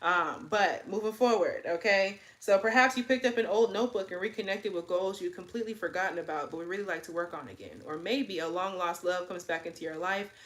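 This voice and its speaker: A woman's voice: on the low side, brisk, few pauses, fairly bright tone. A woman in her twenties giving a casual pick-a-card tarot reading, chatty and slangy, tagging nearly every line with "okay?". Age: 20s. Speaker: tarot reader.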